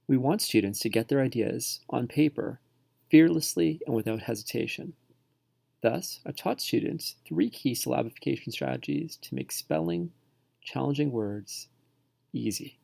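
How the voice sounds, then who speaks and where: A male teacher narrating a spelling tutorial for parents and students, speaking slowly and sounding words out syllable by syllable. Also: medium pitch, expressive, darkish tone, no room sound. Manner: slow, clearly enunciated, sounding words out.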